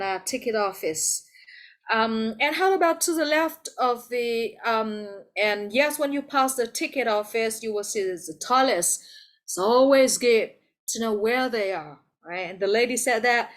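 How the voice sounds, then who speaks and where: A woman's voice: a little high, fairly bright tone. A woman with a Vietnamese accent teaching an English class over a video call, patient and encouraging, calling on students by name.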